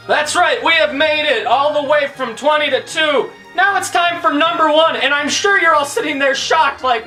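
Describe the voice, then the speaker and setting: A woman's voice: high-pitched, normal speed, few pauses, pushed and bright, faint music behind. A woman movie reviewer ranting through a countdown of bad films, exasperated and profane.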